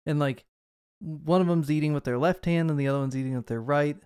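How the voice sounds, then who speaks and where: A man co-hosting a film podcast, talking in an animated, rambling way with lots of fillers. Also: a little high, a little fast, clean tone, dry recording, studio quality. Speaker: podcast co-host. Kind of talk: casual film discussion.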